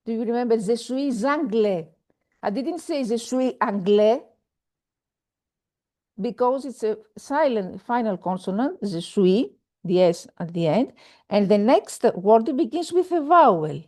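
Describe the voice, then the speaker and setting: A woman's voice: fairly high pitch, sing-song, moderate pace, a little mellow. A woman teaching a French lesson over a video call, speaking hesitantly with many fillers and repeating each example. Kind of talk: online language lesson.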